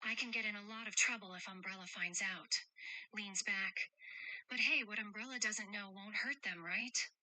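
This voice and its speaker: Woman playing a gentle, teasing guardian of two kids, bright dry voice, reads her own actions aloud. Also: mid-range voice, fairly even intonation, normal speed, no room sound, poor audio. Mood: tender, playful. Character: caring adult woman protecting two children. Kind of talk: role-play chat read aloud with stage directions.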